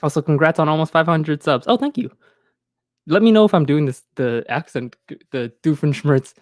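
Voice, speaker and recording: A man's voice: on the high side, animated, a little fast, no room sound. A man streaming from home, chatting casually into a close mic, rambling with many fillers and restarts. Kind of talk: casual live-stream chat.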